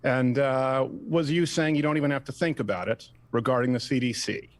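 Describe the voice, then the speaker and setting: A man's voice: mid-range voice, fairly quick. A man hosting a debate show, talking in a brash way that turns mocking and theatrical. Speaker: show host.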